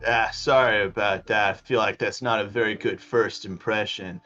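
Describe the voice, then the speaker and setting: A man's voice: fairly low pitch, fairly even intonation, normal speed, bright, forceful tone, soft background music. Tiny friendly ranger, laid-back and sheepish, voiced by a man, slightly dull audio. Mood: sheepish, chatty.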